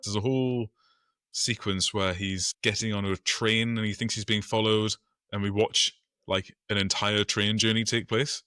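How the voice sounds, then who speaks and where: A man co-hosting a film podcast, recapping scenes with wry asides. His voice is fairly low but bright and clear-edged. The sound is dry and close. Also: flat delivery, normal speed, no echo. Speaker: podcast co-host. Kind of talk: casual film podcast chat.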